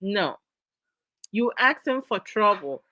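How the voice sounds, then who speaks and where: A middle-aged woman hosts a live discussion stream, lecturing her viewers in casual talk full of exasperation and frequent laughter. Her mid-range voice has a sing-song lilt and a sharp tone, moving at a slow pace with no echo.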